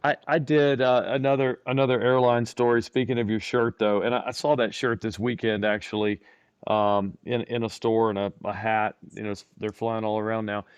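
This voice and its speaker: A man's voice: on the low side, flat delivery, moderate pace, clear, resonant tone, no room sound, muffled recording. A man, a podcast co-host, chatting casually and rambling through a travel anecdote with chuckles. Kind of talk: casual chat.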